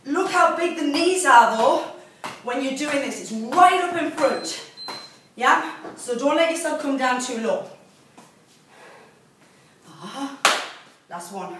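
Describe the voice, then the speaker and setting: High-voiced lady leading a workout, breathless, very echoey room, mic far off. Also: expressive, slow pace, long pauses, a bit bright. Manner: encouraging, breathless cueing while exercising. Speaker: fitness instructor. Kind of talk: coaching a workout video. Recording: very echoey room, distant mic, faint noise.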